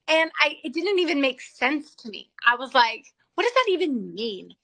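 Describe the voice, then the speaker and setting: A woman's voice: high-pitched, big pitch swings, measured pace, sharp tone, no room sound, poor audio. A middle-aged woman teaching a spiritual class for women, speaking candidly and with animation, and often laughing at herself. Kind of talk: faith-based class talk.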